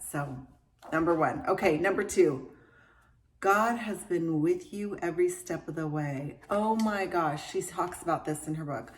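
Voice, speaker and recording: A woman's voice: fairly low pitch, unhurried, a little hiss or hum. Chatty Southern woman in her fifties. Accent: Southern American. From American South. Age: 50s. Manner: chatty and gushing, laughs often. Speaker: book reviewer. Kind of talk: casual chat.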